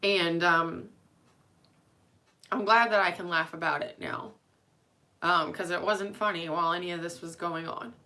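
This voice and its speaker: A woman's voice: lowish voice, fairly even intonation, a little slow, pauses often, bright, forceful tone. A young adult woman, a nurse, speaking candidly and emotionally in a rambling personal vlog, with frequent fillers. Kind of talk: personal vlog to friends and family.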